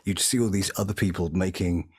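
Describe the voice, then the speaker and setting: A man, a voice actor, telling lively anecdotes in an interview and slipping into impressions as he talks. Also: sits low, a little fast, breathy edge, dry recording, studio quality. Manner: animated, breaks into impressions mid-story. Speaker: voice actor guest. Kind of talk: anecdotal storytelling.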